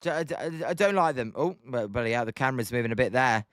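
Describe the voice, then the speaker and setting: A man's voice: medium pitch, fast, a bit bright, no echo. A young British man hosting a casual baseball watch-along stream, chatting to viewers and calling the plays with self-mocking humor. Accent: British English. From Britain. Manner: chatty, self-mocking, reads chat aloud. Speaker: livestream host watching baseball. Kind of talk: casual live-stream chat and play-by-play.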